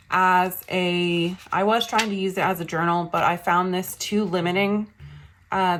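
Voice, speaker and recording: A young woman vlogger chatting casually as she shows her journals and planners. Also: fairly low pitch. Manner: chatty, says "y'all". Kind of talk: casual show-and-tell.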